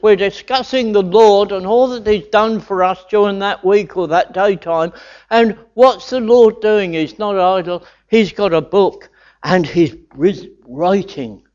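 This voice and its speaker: An older man preaching a sermon, earnest and building to enthusiastic exclamations of wonder. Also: high voice. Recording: dull lo-fi recording.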